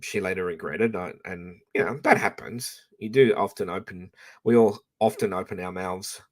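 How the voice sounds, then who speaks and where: A man's voice: deep voice, moderate pace. An Australian man ranting casually to his live-stream audience, blunt and profane, rambling with frequent restarts.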